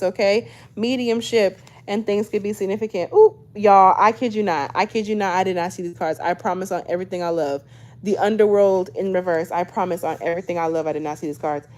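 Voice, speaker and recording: A chatty young woman in her twenties gives a casual tarot reading to her viewers, talking at a mid-range pitch that is neither high nor low. She drifts between reading guidebook text aloud and loose, slangy asides. She keeps checking in with a quick "okay?" as she goes. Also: a little mellow. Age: 20s. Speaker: tarot reader.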